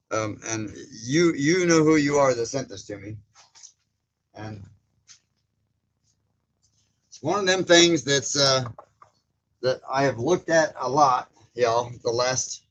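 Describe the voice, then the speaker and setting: A man's voice: mid-range voice, a bit bright, slight background noise. Man, livestream host, loose rambling chat-reader. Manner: folksy, laughs often, many fillers. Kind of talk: casual live chat. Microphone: streaming setup mic.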